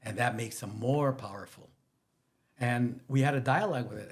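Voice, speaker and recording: A man, a teacher guesting on a podcast, telling stories in an animated, rambling way that jumps from one topic to the next. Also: normal speed. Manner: animated, rambling, jumps between stories, emphatic pitch rises. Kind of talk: casual storytelling interview.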